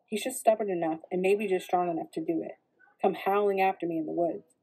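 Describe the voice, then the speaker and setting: A woman reading a novel aloud in steady first-person narration. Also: fairly low pitch, fairly quick, husky, low-quality recording. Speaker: reader.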